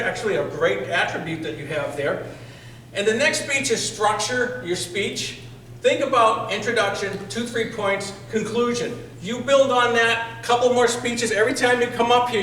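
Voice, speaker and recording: A man with a fairly high voice evaluates a speech at a club meeting. He is encouraging and lays out his points in order, sometimes restarting a phrase. The sound is distant and roomy, with light background hum. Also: a bit bright. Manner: encouraging, structured feedback with restarts. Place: meeting room. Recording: echoey room audio from far off.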